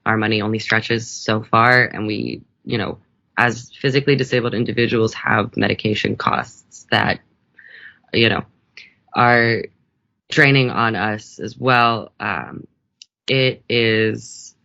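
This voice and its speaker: A man speaking as a guest in a remote interview, earnest and halting with many fillers. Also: medium pitch, vocal fry, sharp tone, no room sound, highs cut off. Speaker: guest, mutual aid organizer.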